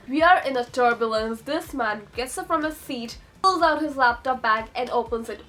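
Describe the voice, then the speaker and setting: A young woman telling a story in a chatty, excitable vlog, breaking into sudden high squeals. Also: moderate pace, hardly any pauses, faint music behind. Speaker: vlogger.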